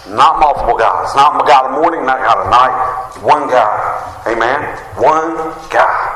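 A man's voice: a little high, a bit bright. A man with a West Virginia Appalachian accent preaching a sermon in a folksy way, calling out for amens. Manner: folksy, calls for amens, drawn-out emphatic phrases. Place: church sanctuary. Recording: echoey hall with long reverb.

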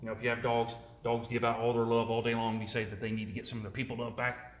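A man's voice: mid-range voice, little pitch movement, fast. A man giving a talk with slides, asking his listeners questions, repeating his words and adding jokey asides. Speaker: speaker presenting to an audience. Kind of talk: interactive presentation with slides. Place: room with a live audience. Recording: roomy with faint noise.

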